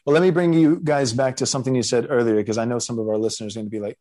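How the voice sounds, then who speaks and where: A man's voice: mid-range voice, fairly even intonation, rapid-fire, few pauses, warm tone. A man who hosts a podcast as a pastor, thinking aloud earnestly in a casual theological discussion.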